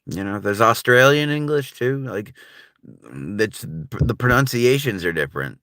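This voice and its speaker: A man's voice: medium pitch, lively intonation, unhurried, sharp tone, no room sound, studio quality. A man with a General American accent, chatting casually on a livestream in a laid-back, rambling way full of filler words. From United States.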